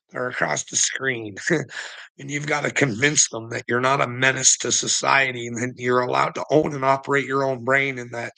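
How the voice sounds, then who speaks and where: A man's voice: mid-range voice, creaky, bright, forceful tone, poor audio. A man in a casual, rambling monologue, swearing often and laughing between thoughts. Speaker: vlogger.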